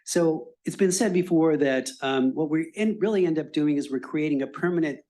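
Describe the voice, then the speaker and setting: A man with a slightly higher voice moderates a city hall meeting, relaying online questions to the mayor. He speaks hesitantly, halting over his words. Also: mellow. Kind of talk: public meeting Q&A.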